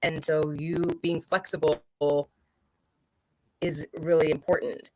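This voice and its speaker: A woman hosting a casual chat about improv, conversational and putting on much higher voices for quotes. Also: level tone, takes it slowly, dark tone, no room sound, rough recording. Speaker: podcast host.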